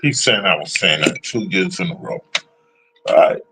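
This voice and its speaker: Brash streamer guy, bright, lively voice, swears constantly while trash-talking. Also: deep voice, normal speed, a little hiss or hum. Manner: profane, blunt, trash-talking. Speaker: streamer answering chat. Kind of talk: casual sports rant.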